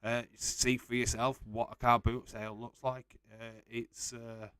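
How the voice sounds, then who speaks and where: A man's voice: medium pitch, level tone, unhurried, a bit bright, smooth, no echo. A young man casually hosting a live stream, reading out and answering chat messages and laughing often.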